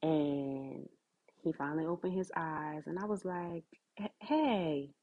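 Slow, low-voiced woman telling a story. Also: narrow, tinny audio. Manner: conversational, many fillers like "like" and "you know". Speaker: podcast host. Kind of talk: personal storytelling.

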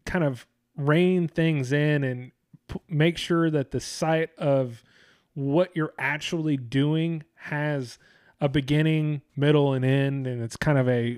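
A man's voice: fairly high pitch, darkish tone, no echo, studio quality. A man co-hosting a casual chat, rambling and profane, often restarting his sentences.

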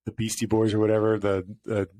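A man's voice: on the low side, completely flat delivery, a little fast, mellow. A man co-hosting a podcast, joking and bantering in casual chat. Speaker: podcast co-host.

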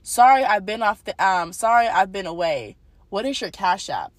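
A young woman telling a personal faith testimony in a casual, animated storytelling way, talking straight to her viewers. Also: medium pitch, moderate pace, dry recording. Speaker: testimony speaker.

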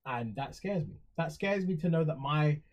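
A man's voice: fairly high pitch, lively intonation, moderate pace, lo-fi sound. A young English man talking in a reflective, rambling way on a casual podcast, with many fillers and restarts. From England. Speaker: podcast co-host.

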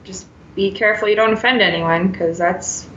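A woman's voice: mid-range voice, steady tone, moderate pace. A woman in her twenties, a student teacher, chatting casually in a talkative, mildly exasperated way. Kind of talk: casual chat. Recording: echoey, dull, slightly noisy room.

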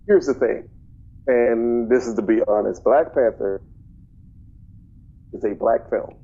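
A man's voice: medium pitch, slow, dark tone, lo-fi sound. A man co-hosting a casual movie podcast, blunt and opinionated, who often repeats himself. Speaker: podcast co-host.

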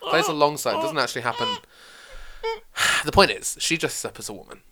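A man's voice: fairly quick, a loud crowd. Guy on a podcast, cracking jokes and laughing a lot, voice bouncing all over. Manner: joking, laughs often, lively swings in pitch. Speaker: podcast co-host. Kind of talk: casual comedic chat.

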